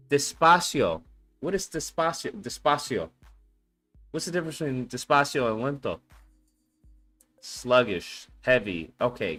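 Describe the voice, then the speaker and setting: A man streams casually while following a language lesson, thinking aloud, repeating words, and swearing often. His medium-pitched voice sounds pushed and bright.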